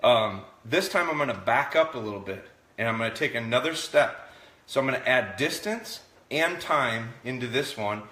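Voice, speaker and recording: Man training a dog live, echoey room. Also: mid-range voice. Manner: relaxed, talks to viewers while training. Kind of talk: live training session talk. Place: indoors.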